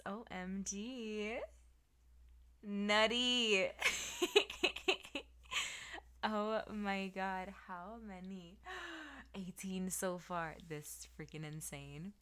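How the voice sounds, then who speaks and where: A woman's voice: mid-range voice, sharp tone, clean tone. A young woman streaming, chatting casually and reading her chat aloud, giggly and playful with lots of slang, sleepy and yawning.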